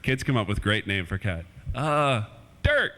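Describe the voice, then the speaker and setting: Animated man doing family stand-up. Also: fairly low pitch, moderate pace, slight background noise. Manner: playful, talks to kids in the crowd. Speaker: comedian. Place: church hall. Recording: echoey hall on old VHS.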